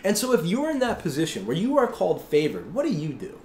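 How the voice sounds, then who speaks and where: Pastor guy preaching, chatty, voice kinda high and swinging all over, echoey room. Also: huge pitch swings, fast talker, a little mellow, a little hiss or hum. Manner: conversational, keeps asking "right?". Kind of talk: sermon.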